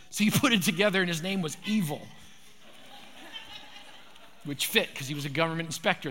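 Man, pastor, sermon, high-pitched, emphatic repetitive cadence, echoey hall. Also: sharp tone, a little hiss or hum.

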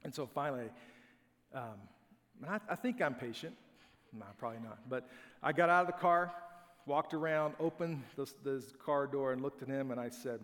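A man's voice: mid-range voice, moderate pace, fairly bright tone. A middle-aged man preaching a sermon as a pastor, telling family stories in a conversational, self-deprecating way. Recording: long hall reverb.

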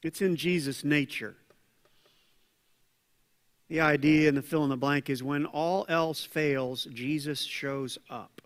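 A man preaching a conversational sermon as pastor, acting out quoted voices with lively asides. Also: fairly high pitch, takes it slowly, long pauses. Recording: long hall reverb.

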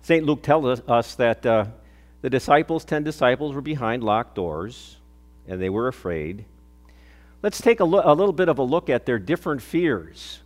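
An older male pastor preaching a sermon, telling stories earnestly, building up on key points and dropping soft on others. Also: medium pitch, lively intonation, normal speed. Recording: long hall reverb.

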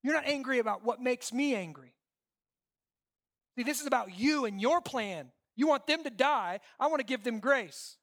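Man playing an exasperated God, voice pushed high and loud, sharp incredulous questions. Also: animated, quick pace, few pauses, clean tone, no room sound, studio quality. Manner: raised, emphatic, incredulous. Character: exasperated male God, challenging and passionate.

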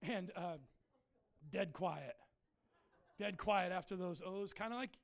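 A middle-aged man preaching a sermon to a congregation, telling folksy jokey stories and breaking into shouts. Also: sits high, moderate pace. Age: middle-aged or older. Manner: folksy, joking, bursts into shouting. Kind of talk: sermon storytelling. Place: church in front of a congregation.

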